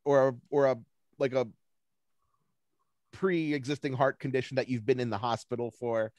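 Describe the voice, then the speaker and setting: A man's voice: mid-range voice, fairly even intonation, moderate pace, a little mellow, dry recording. A man speaking as a guest on a video call, telling rambling, self-deprecating stories in a casual chat. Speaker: guest speaker, baseball forecaster.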